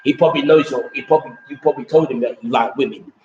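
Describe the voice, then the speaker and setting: A man's voice: medium pitch, racing, dark tone. Rambling man in a roomy room. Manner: repetitive, restarts sentences often, casual swearing. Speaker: vlogger reviewing a trip. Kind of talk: rambling casual monologue. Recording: roomy, dull lo-fi sound with faint background noise.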